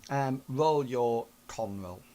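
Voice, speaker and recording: A man's voice: mid-range voice, lively intonation, slow, dark tone. A man running a tabletop game as game master, narrating in a rambling way with many fillers.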